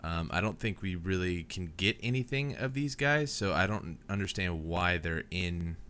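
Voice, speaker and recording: A man's voice: sits low, expressive, normal speed, fairly bright tone. A young man hosting a gaming channel, giving casual let's play commentary at home in a rambling, easygoing way. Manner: rambling, easygoing, says "man" and "dude" a lot.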